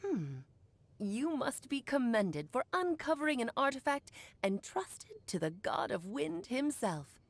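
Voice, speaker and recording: A woman's voice: high-pitched, sing-song, unhurried, dry recording, exaggerated voice. A woman voicing a grand, coy and theatrical female witch mentor in a video game. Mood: storytelling. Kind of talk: game voice acting. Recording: game audio with faint music.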